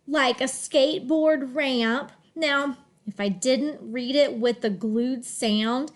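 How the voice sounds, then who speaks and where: A woman teaching a children's phonics lesson, slowly and deliberately sounding out words. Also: on the high side.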